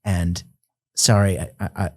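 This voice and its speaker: A man's voice: low voice, fairly even intonation, measured pace, slightly rough, no room sound. A man sharing his personal testimony as a podcast guest, earnest and reflective, at times emotional.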